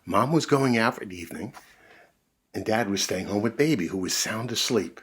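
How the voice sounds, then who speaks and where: A man reading a children's picture book aloud, animated, with big voices and sound effects. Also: fairly low pitch, normal speed, slightly rough. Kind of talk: read-aloud storytelling for kids.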